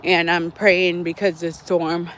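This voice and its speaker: A man's voice: a little high, flat delivery, slow pace, fairly bright tone, slight background noise. A man, out of breath as he walks an outdoor track, chatting to his livestream viewers and repeating himself. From Jamaica. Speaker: livestream host. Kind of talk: casual walking livestream. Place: outdoor walking track near woods at dusk.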